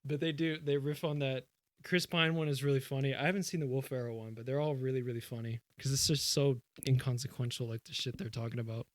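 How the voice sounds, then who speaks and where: Young dude on a podcast, mid pitch, super dry mic, lots of "like" and cussing. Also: male voice, steady tone, fast, dry recording. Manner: rambling, retells a sketch with lots of "like" and swearing. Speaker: podcast co-host. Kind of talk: casual chat.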